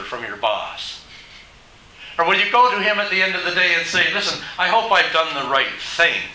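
Bright-voiced preacher in an echoey hall. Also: male voice, a little high, far from the mic, a little hiss or hum. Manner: emphatic, asks the congregation rhetorical questions. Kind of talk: sermon.

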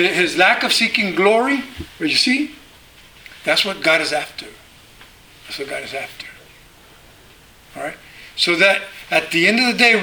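A middle-aged man preaches earnestly as a pastor, often stumbling over and repeating his words as he presses a point. His voice sits high and sounds bright and forceful. A faint hiss lies under the recording. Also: rough recording. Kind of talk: sermon.

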